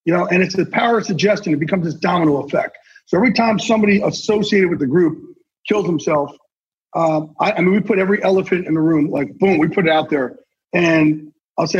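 A man's voice: high-pitched, fast talker, breathy edge. A man guesting on a podcast, talking intensely and earnestly with salty language. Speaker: guest, sportswriter and NFL insider. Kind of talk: casual podcast conversation. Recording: dull lo-fi sound.

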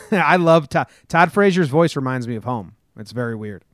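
Telling rambling stories on his casual sports talk podcast, this New Jersey host swears freely and acts out quotes. His medium-pitched, expressive voice has a fairly bright tone and a moderate pace, in a dry, studio-quality recording.

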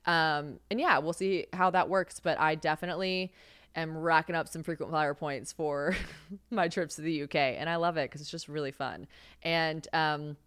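A woman's voice: low-pitched, steady tone, normal speed, a bit bright, clean tone, dry recording. A young woman hosting a casual solo podcast, rambling and swearing freely, laughing often. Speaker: podcast host. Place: home kitchen.

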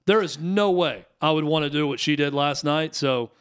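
Chatty male radio co-host, fairly high. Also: moderate pace, fairly bright tone, smooth. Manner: chatty storyteller, frequent restarts and fillers. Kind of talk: casual sports radio chat.

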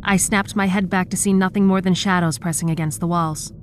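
Woman narrating horror, somewhat low voice. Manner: steady, measured storytelling. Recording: clear background noise.

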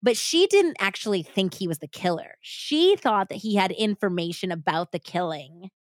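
A woman podcast host tells a story in an easy, chatty way, slipping into the voices of the people in it. Her pitch sits in the middle of the range. The sound is dry and close to the mic. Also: normal speed, no room sound. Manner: animated retelling with acted-out quotes. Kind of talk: casual storytelling chat.

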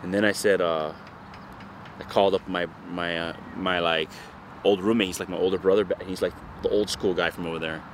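This man has a deep voice and a brisk delivery as he retells a surf story, rambling and cursing with animated energy. He's an interviewee from the North Shore of Oahu, Hawaii, speaking casually, with a little hiss or hum audible.

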